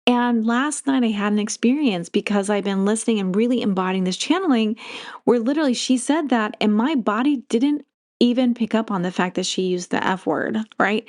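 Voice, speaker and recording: A woman hosting a casual spiritual podcast monologue. She talks in a chatty, meandering way, laughs often, and gets animated as she retells stories. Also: mid-range voice. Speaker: podcast host.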